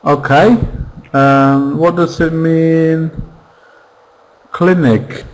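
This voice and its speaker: A male English teacher leads an online vocabulary lesson. His voice sits a little high, and he speaks slowly and patiently, drilling each word and its stress pattern. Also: poor audio. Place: virtual classroom.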